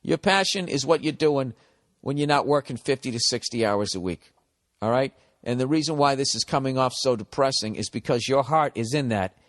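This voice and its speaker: A long reverb tail trails this man's mid-range voice as he speaks at normal speed. In his forties, with a Boston accent, he's a comedian hosting a podcast whose rambling advice monologue moves from profane, blunt mock-harshness to encouragement.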